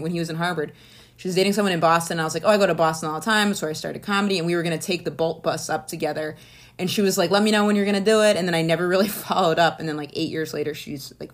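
A woman comedian in her thirties, from Maine, telling rambling stories in casual podcast chat, full of profanity and animated asides. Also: fairly low pitch. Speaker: stand-up comedian.

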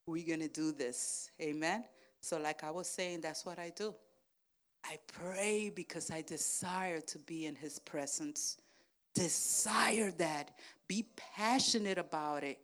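A woman pastor preaching a lively sermon, swinging from loud, excited calls to hushed, near-whispered lines and acting out little voices. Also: fairly low pitch.

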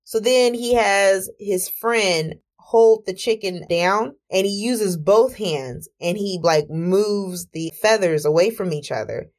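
A woman podcast host telling a story in a casual monologue, animated and exclamatory, cursing freely and talking herself down with deep breaths. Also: a little slow, few pauses.

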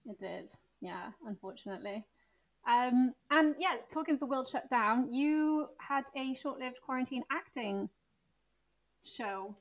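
A woman co-hosting a podcast in casual chat, upbeat and quick to laugh. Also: high voice, animated, muffled recording. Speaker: podcast co-host.

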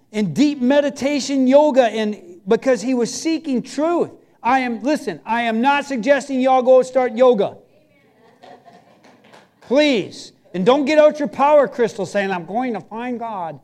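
Male pastor, very high voice, chatty and emphatic sermon storytelling. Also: darkish tone. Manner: storytelling preacher, emphatic and conversational.

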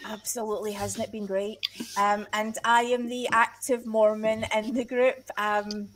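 A woman's voice: medium pitch, flat delivery, measured pace, slight background noise. A woman hosting a panel over a video call, upbeat and enthusiastic. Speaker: host.

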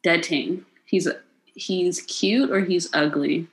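A young American woman co-hosting a casual chat, playful and joking, swearing freely, with sudden high-pitched outbursts. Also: slow, rough recording. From United States. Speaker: podcast co-host.

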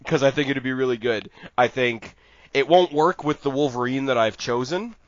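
A man's voice: medium pitch, normal speed, no room sound. Man, casual fan chat, rambling, crude, laughs, dry close sound. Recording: dull lo-fi sound.

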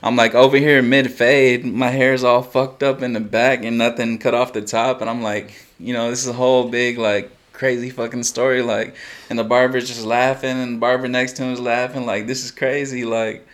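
A young podcast co-host with a medium-pitched voice and moderate pace tells a story in a casual episode. He is an animated storyteller who swears freely, acts out the quotes and laughs often.

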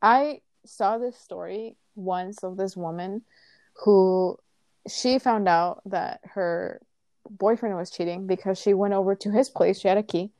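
A woman's voice: medium pitch, steady tone, measured pace, mellow, no echo, studio quality. A woman in casual conversation, giving earnest, frank advice with some swearing. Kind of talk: casual chat.

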